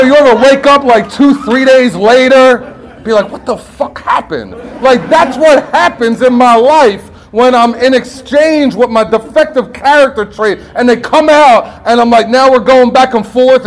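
At a recovery meeting, a man with a very high voice shares his story before listeners, streetwise and profane. He peppers it with "right?" and animatedly acts out the voices in his head, though the audio is poor.

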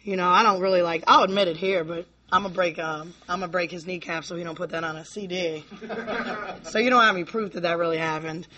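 A woman's voice: on the low side, steady tone, brisk, lo-fi sound, crowd noise. A woman from Virginia giving a candid, rambling personal recovery share to a convention audience, full of "you know, like" and drifting between laughter and near tears. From Virginia, USA.

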